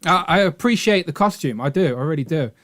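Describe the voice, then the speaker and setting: A man's voice: a little high, lively intonation, brisk, fairly bright tone. A British man hosting a casual live stream from a home setup, chatty and upbeat. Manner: chatty and upbeat, often laughing.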